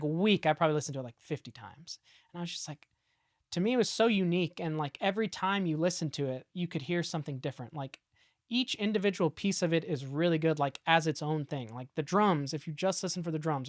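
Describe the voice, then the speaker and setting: A woman's voice: low-pitched, animated, quick pace, no room sound, studio quality. A woman in her late twenties, a guest musician, chatting casually and animatedly, full of fillers. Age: late 20s. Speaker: guest musician in a rock duo. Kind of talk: casual podcast chat.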